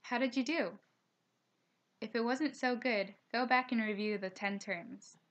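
Reading every slide aloud at an even pace, a young female teacher narrates a recorded slideshow language lesson and slows for pronunciation notes. Her pitch sits on the higher side.

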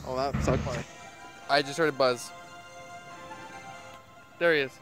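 A man vlogging while he walks around town playing a phone game, excitable and swearing freely. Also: mid-range voice, slow pace. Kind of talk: casual gameplay commentary while walking. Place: outdoors walking around town. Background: loud music.

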